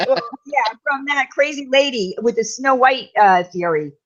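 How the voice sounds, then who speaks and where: A woman's voice: high voice, lively intonation, moderate pace, slight background noise. A woman panelist joining over a video call, opinionated and explaining her points firmly. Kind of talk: casual panel chat. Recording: dull, muffled video-call audio.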